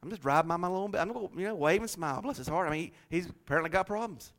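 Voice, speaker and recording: A middle-aged man preaching a sermon, telling folksy stories in an animated way and laughing often. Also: high-pitched, racing.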